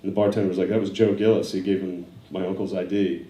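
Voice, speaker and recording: A man's voice: low-pitched, level tone, fast. A man doing stand-up, telling a long profane story in a loose, laughing way before a live audience. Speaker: stand-up comedian. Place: large studio theater with live audience. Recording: roomy hall, distant mic, loud audience laughter.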